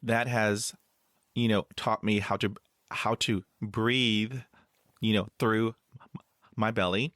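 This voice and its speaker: A man's voice: lowish voice, steady tone, slow, pauses often, fairly bright tone, no room sound, studio quality. A man hosting an interview, who stutters now and then and often says "you know". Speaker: podcast host. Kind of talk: casual interview talk.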